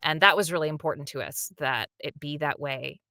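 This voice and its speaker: A woman's voice: low-pitched, fairly quick, bright, forceful tone, dry recording, clean studio sound, soft background music. A woman, a dub director, talking animatedly in an interview and acting out the lines she quotes. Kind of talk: interview, behind-the-scenes talk.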